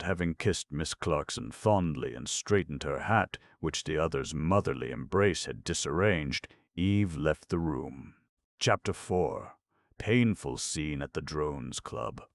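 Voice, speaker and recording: A man narrating an audiobook in a measured, dry storytelling manner. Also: very deep voice, no room sound. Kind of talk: scripted narration.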